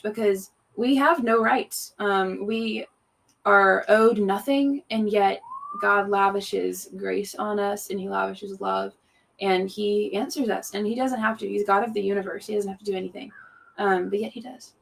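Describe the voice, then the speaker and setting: A woman's voice: mid-range voice, creaky. A young woman leading worship, chatting casually about a song between sets with many fillers and easy laughs. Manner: chatty, lots of "um" and "like", laughs easily. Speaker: worship leader. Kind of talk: casual devotional talk between songs.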